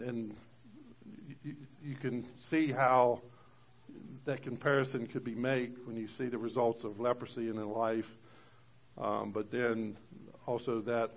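A male pastor delivering a conversational sermon to his congregation. He rises louder and higher when reading scripture aloud.

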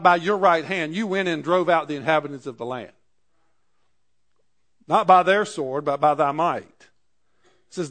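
Delivering a sermon, this preacher reads passages of scripture and restates them in everyday language. His voice runs on the high side with a fairly bright tone.

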